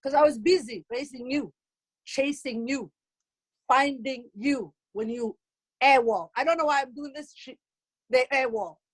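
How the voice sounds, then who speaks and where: A middle-aged woman from Somalia with a Somali accent and Somali as her first language, telling comic stories in an animated, teasing way and exclaiming often. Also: high-pitched, measured pace, slightly rough. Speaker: comedic speaker at a community event. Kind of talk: comic storytelling.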